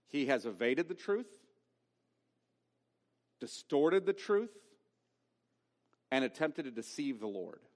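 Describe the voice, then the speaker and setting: A man's voice: mid-range voice, sing-song, slow, pauses often, big-room sound. A man preaching a sermon as pastor, emphatic and given to rhetorical questions. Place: church sanctuary.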